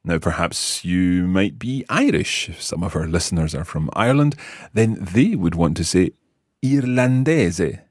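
A man's voice: low voice, animated, moderate pace, slightly rough, no room sound, clean studio sound. A Scottish man hosting an audio language lesson, patiently enunciating words for learners to repeat. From Scotland. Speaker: language teacher, podcast host.

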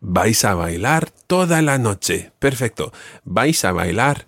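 Gravelly, husky male language teacher. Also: lowish voice, sing-song, unhurried, a bit bright, dry recording. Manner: patient, clear, repeats and models phrases. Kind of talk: guiding a student through a spoken quiz.

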